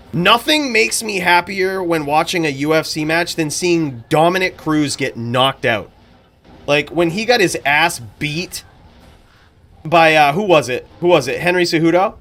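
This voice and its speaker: A man with a fairly high, slightly bright voice hosts a live stream. He chats casually and profanely with blunt opinions, then calls game fights as streamer and commentator.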